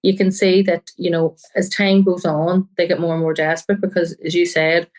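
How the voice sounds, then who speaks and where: A woman's voice: lowish voice, flat delivery, moderate pace, a little mellow, low-quality recording. A woman journalist, a guest on a crime podcast, talking earnestly and often quoting people she met. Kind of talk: podcast interview.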